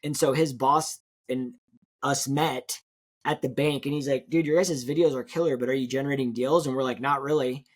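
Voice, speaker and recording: A man, a real estate agent guest in an interview, telling a story in a quick, animated way and acting out what people said. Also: mid-range voice. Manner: fast, animated storytelling, acts out quotes.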